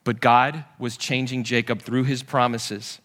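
Bright-voiced animated male preacher. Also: medium pitch, measured pace. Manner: animated storytelling, acting out Bible characters' voices. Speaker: pastor. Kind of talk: sermon.

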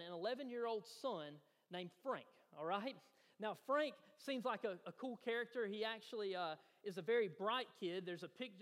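High-voiced pastor preaching in a hall. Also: male voice. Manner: storytelling, rising to eager emphasis. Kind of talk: sermon. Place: church sanctuary. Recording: church hall reverb.

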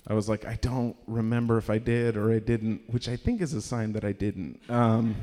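A male stand-up comedian performs a set in a small venue before a live audience, his delivery awkward and halting with many fillers, broken by shrieking impressions of strangers. His voice is lowish and dark-toned, and the live room has long reverb.

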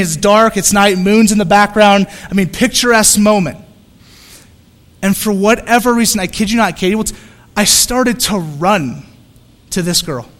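A man with a fairly high voice preaches a sermon. His delivery is animated and earnest, full of restarts and repetition. The sound carries a long reverb tail, as if in a large hall. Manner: animated storytelling with repeated restarts. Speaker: pastor.

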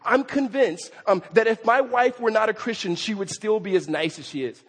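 A pastor preaches at a moderate pace in a big church sanctuary, his high, slightly husky voice echoing with long hall reverb. Pressing his point emphatically, he acts out quotes and trips into stammering restarts over repeated words.

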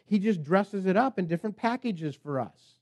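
A man's voice: high-pitched, animated, normal speed, a little mellow, no room sound. A man preaching a sermon as pastor, emphatic and preacherly, at times speaking the tempter's lines.

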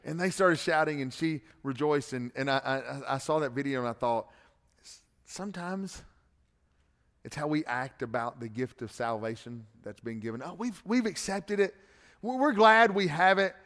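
A man, a pastor, preaching a sermon. He swings between loud emphatic passages and quiet conversational asides, and repeats words when he restarts a phrase. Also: medium pitch, normal speed, big-room sound.

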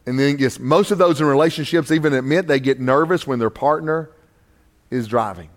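A man preaching a sermon as pastor, moving between quiet, intimate asides and loud, raised preaching, with a joking, conversational way of telling stories. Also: medium pitch, fairly quick.

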